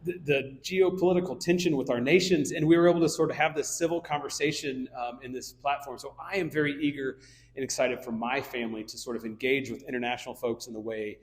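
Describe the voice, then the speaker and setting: A middle-aged man from the Kansas City area gives a luncheon speech in a banquet hall, telling a casual, anecdotal story full of ums and restarts. His mid-range voice is steady in tone and fast, with a long reverb tail.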